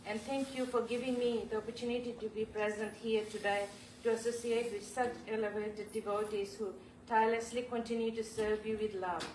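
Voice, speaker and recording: A woman's voice: a little high, flat delivery, a little mellow. Emotional woman's tribute in echoey temple hall. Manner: halting, apologetic, moved to tears. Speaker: devotee giving a homage. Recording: echoey hall, voice from far off, clear background noise.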